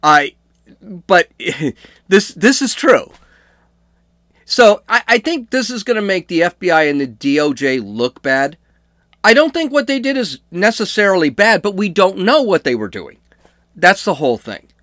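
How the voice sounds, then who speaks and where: A man's voice: high voice, sing-song, a little slow, fairly bright tone, dry recording, clean studio sound. A man hosting an opinionated commentary show, arguing his point through repeated rhetorical questions. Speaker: political commentary host.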